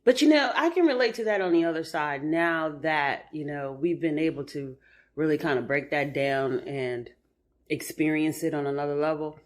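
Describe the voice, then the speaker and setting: Low-voiced wife chatting over breakfast. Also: female voice, normal speed. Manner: warm, affirming, laughs easily. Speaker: podcast co-host, wife. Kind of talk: casual chat. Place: home, at the breakfast table.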